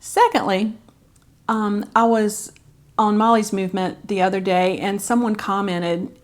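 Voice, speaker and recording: A woman's voice: medium pitch, little pitch movement, a little slow. A middle-aged woman, talking candidly to camera as a caregiver vlogger, chatty and heartfelt with many fillers. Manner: chatty and heartfelt, with frequent fillers and soft laughs. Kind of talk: candid personal vlog talk.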